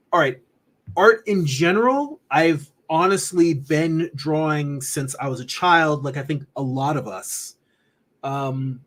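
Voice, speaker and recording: Guy rambling on his art stream, chill, laughs a lot, kinda high voice. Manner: relaxed, rambling, laughs often, reads chat comments aloud. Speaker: artist streamer answering chat. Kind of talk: casual livestream chat.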